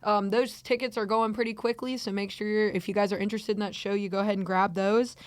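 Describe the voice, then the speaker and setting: A woman's voice: medium pitch, steady tone, quick pace, no echo. A young woman co-hosting a venue's podcast, chatty and upbeat, tossing in ums and little laughs as she runs through the events. Her voice sits in a middle register and sounds dry and close, with no room around it. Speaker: podcast co-host. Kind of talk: casual chat and event announcements.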